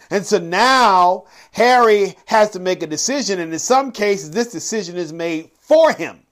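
High-voiced, unhurried male podcast host. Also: lively intonation. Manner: dramatic, swings from quick asides to slow drawn-out emphatic phrases. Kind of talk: casual podcast monologue.

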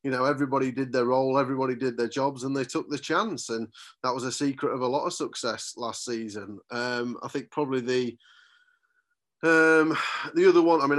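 A man's voice: medium pitch, fairly bright tone. A man, a radio sports reporter and commentator telling stories as a guest in a casual podcast chat. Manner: reminiscing storyteller, chatty and earnest.

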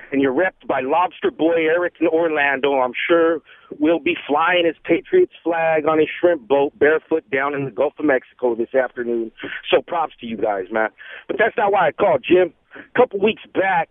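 A man calling into a radio show, delivering scripted insulting trash talk with animated rants. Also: on the high side, no echo. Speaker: caller. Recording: dry phone line.

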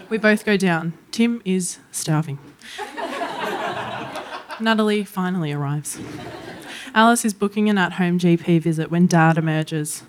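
A young Australian woman telling a comedic family story, lively and often laughing as she speaks. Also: lowish voice, measured pace, long pauses, background noise. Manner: lively, laughs through her lines.

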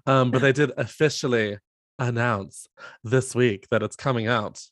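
A man's voice: medium pitch, fairly even intonation, moderate pace, no room sound, clean studio sound. A man co-hosting a podcast in casual chat, gushing and laughing often. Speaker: podcast co-host.

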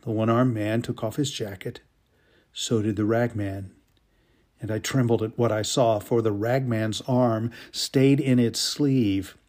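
A man giving a dramatic story reading, slow and emotive, with drawn-out pauses. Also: on the low side, fairly even intonation, a little mellow.

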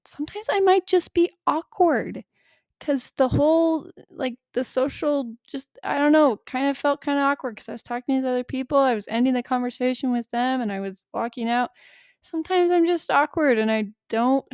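A woman's voice: fairly high pitch, a little mellow, no echo, clean studio sound. A woman hosting a solo coaching podcast, talking casually and self-deprecatingly with frequent laughs and fillers.

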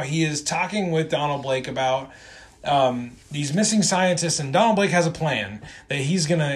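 A man's voice: on the high side, fairly bright tone. Man casually recapping a comic book. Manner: rambling, many ums and restarts. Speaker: podcast co-host.

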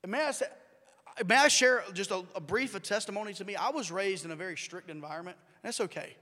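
A pastor preaching a sermon in a chatty, conversational way, asking the congregation questions and repeating key phrases. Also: male voice, sits high, quick pace, sharp tone. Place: church sanctuary. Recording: long reverb of a large hall.

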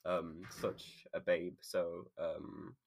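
A man's voice: low voice, monotone, drawn-out words, gravelly, a crowd in the background. A man hosting a podcast, chatty and encouraging toward his guest. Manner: chatty, laughs often, encouraging. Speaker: podcast host. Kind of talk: casual chat.

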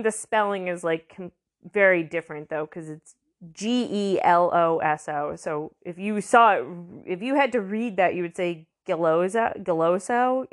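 A woman giving a casual language lesson, chatty, sounding out words slowly and repeating them. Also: medium pitch. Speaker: language teacher.

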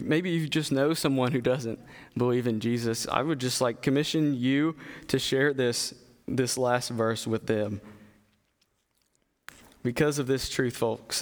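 A man giving an earnest sermon, reading scripture aloud and speaking with halting restarts and fillers. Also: mid-range voice, long reverb tail. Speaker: preacher.

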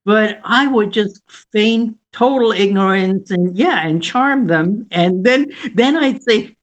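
A speaker in casual chat, recounting travel adventures in a halting way that repeats words. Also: medium pitch, muffled recording. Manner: halting, repeats words while telling stories.

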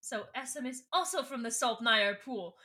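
A woman hosting a podcast, recapping a book in a casual way with chatty, excitable asides. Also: fairly high pitch, normal speed. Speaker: podcast host.

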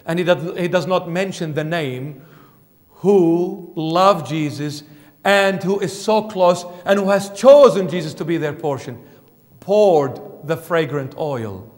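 Man, bishop preaching, emphatic, questions the listeners, high voice, long church echo. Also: slow pace, a little mellow. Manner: emphatic, questions the congregation directly. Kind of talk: sermon.

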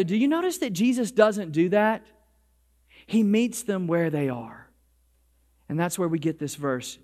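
A man preaching a sermon to his congregation, animated, with frequent restarts and repeated words. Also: sits high, unhurried. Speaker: pastor. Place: church. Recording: hall reverb.

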